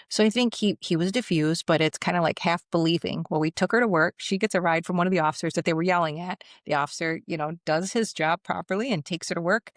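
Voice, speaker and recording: A woman's voice: fairly low pitch, quick pace, few pauses, dry recording, clean studio sound. A middle-aged woman, a retired police commander, telling vivid work stories on a podcast. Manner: vivid, anecdotal, acts out quoted voices. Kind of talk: conversational storytelling.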